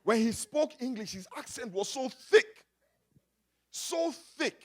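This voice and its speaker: Lively high-pitched African preacher. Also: male voice, slow. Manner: builds from quiet to shouting, call and response. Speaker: pastor. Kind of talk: sermon.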